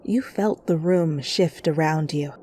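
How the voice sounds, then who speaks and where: A woman reading fanfiction aloud as a whispered role-play, telling the story softly over faint music. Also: deep voice, a little hiss or hum. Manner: soft, slow storytelling. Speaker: fanfiction reader.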